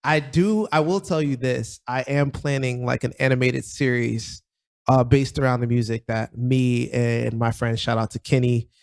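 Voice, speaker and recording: A man talking as a podcast guest, loose and playful, with laughs slipping in between thoughts. His voice sits at an ordinary middle pitch. The talk is relaxed and conversational. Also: moderate pace, gravelly. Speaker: guest, DJ and producer. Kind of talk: casual podcast chat.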